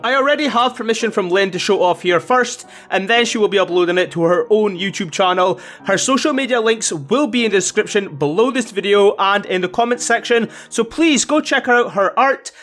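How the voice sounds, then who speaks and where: Chatty high-voiced man hosting a vlog. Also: fairly bright tone. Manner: chatty, laughs often, mild swearing. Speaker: YouTube host. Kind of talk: casual reaction vlog chat.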